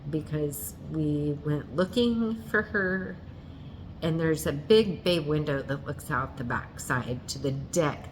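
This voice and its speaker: A vlogger with a low, deep voice tells a painful personal story, unhurried and deliberate. She speaks earnestly but haltingly, often stopping to restart or correct herself, over a faint hiss.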